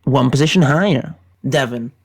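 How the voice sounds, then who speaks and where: A British man putting on an American accent, giving deadpan, mock-serious tier-list commentary with rambling tangents. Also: mid-range voice, normal speed, very noisy. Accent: put-on American accent. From Britain. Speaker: YouTube commentator.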